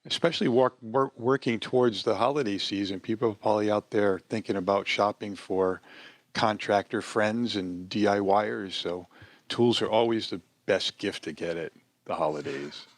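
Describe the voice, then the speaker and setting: Low-voiced curious podcast co-host man. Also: normal speed, dry recording. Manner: curious, agreeable, asks questions. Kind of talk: casual podcast chat.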